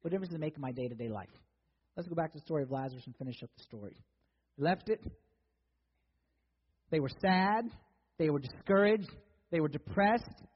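Man, preacher, high husky voice, conversational sermon, acts out story voices, dull lo-fi sound, long hall reverb. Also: expressive, a little fast, pauses often.

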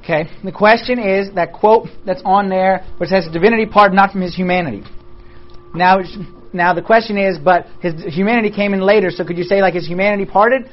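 A Bible study teacher leading a class in an animated way, asking and answering their own rhetorical questions and joking with the group. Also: mid-range voice, fairly quick. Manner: jokes with the group. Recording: dull lo-fi recording.

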